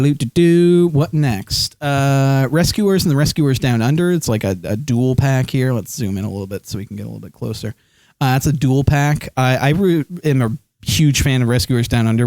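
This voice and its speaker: A man's voice: mid-range voice, a little fast, a little mellow, no echo, clean studio sound. A man streaming live, chatting casually and rambling with lots of ums and likes, speaking into a hand microphone.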